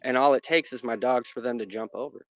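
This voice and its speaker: A man's voice: medium pitch, fast, a bit bright, no room sound. A man telling a personal story about his dogs in a casual, rambling way, with lots of fillers and restarts. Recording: muffled dry recording.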